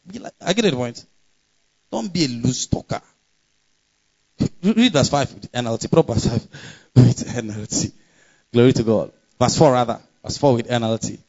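Male preacher, mid-pitched, emphatic and chatty, slightly muffled recording. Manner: emphatic, conversational preaching with frequent laughs and scripture readings. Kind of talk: sermon.

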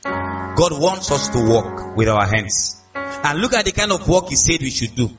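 Animated Nigerian-accented male pastor. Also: a little high, unhurried, distant mic, dull audio, over music. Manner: animated, call-and-response, acts out quotes. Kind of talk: sermon.

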